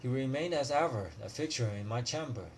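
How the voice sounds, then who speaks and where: A man reading a classic story aloud as a student, at a steady pace with frequent slips and restarts. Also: medium pitch, a little fast, a little hiss or hum. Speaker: student reader.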